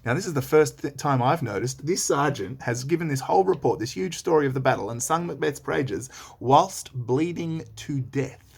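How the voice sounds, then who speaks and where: A man's voice: medium pitch, expressive, moderate pace, vocal fry, few pauses, breathy edge. A man teaching a read-along lesson, reading lines aloud and explaining them in a chatty, slangy way.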